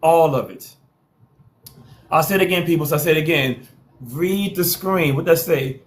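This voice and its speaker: A man's voice: a little high, normal speed, long pauses. Hyped man hosting a live stream. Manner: repetitive hype calls, playful trash talk. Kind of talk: TikTok live hosting, hyping viewers.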